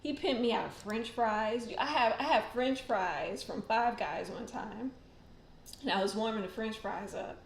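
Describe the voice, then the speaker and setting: A woman's voice: fairly high pitch, a little slow, vocal fry, echoey room, slight background noise. A woman hosting a casual livestream, chatting. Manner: chatty, rambling, many fillers and laughs. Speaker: tarot channel host.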